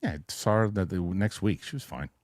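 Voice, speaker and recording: A man with a fairly low voice chats casually as co-host, reading out viewer comments and spinning rambling, animated anecdotes. His voice is recorded dry and close, with no room sound. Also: a little fast, no room sound. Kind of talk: casual chat.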